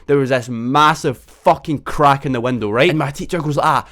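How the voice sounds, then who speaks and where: A young man rattles through a school story at a quick clip. He swears freely and keeps checking in with "right?". His voice sits at an ordinary male pitch. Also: a bit bright. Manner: fast, sweary, constant tag "right?". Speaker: vlogger. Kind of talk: storytime vlog.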